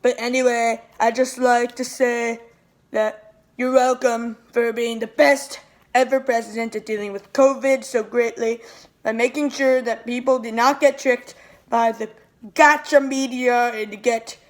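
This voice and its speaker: A woman's voice: on the high side, steady tone, measured pace, close to an everyday voice. A woman playing a petty, self-pitying male president who rambles and repeats nicknames in a comic impression. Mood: boastful. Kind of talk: comedic impression monologue.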